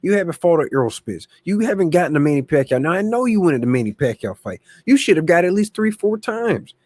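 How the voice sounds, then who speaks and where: A man's voice: a little high, fast, no echo. Slangy man doing casual boxing talk. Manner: slangy, animated, repeats himself. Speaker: boxing channel host. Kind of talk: casual sports commentary.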